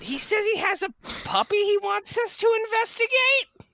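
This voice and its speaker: A man putting on a squeaky falsetto as a young woman sleuth. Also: very animated, normal speed, vocal fry, sharp tone, dry recording, full character voice. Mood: eager.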